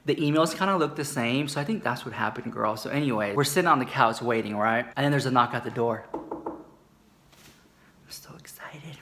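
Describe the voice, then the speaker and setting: A man telling a gossipy story in a campy, sassy manner, calling the listener "girl" and jumping into high squeals and whispers. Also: bright, forceful tone. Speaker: comedic storyteller.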